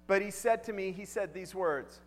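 A man's voice: high-pitched, normal speed, big-room sound. A male pastor preaching a sermon in a conversational way, asking the congregation questions and repeating key lines.

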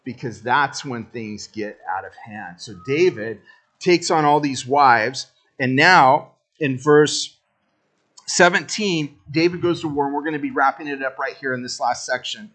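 A man's voice: mid-range voice, moderate pace, a bit bright. A man preaching a sermon as pastor, casual and joking, talking straight to the congregation.

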